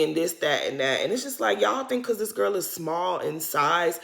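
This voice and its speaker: A woman's voice: fairly low pitch, moderate pace, vocal fry, few pauses, sharp tone. A woman recapping a reality show in casual, gossipy talk, acting out the cast's lines with slang and blunt opinions.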